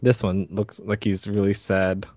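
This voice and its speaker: A man's voice: lowish voice, little pitch movement, unhurried, dark tone, slight background noise. A man hosting a podcast in casual chat, laid-back and teasing, laughing often. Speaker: podcast host.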